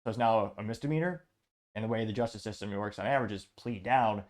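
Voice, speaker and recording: A man hosting a commentary show, reading social media posts aloud and adding offhand remarks. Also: lowish voice. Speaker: show host.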